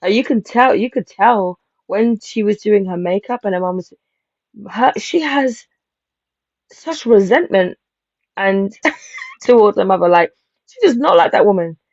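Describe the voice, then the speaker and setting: Gravelly woman, rambling reality-show review. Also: medium pitch, a little slow, pauses often, no room sound. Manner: animated, rambling, laughs while acting out quotes. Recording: slightly dull lo-fi mic.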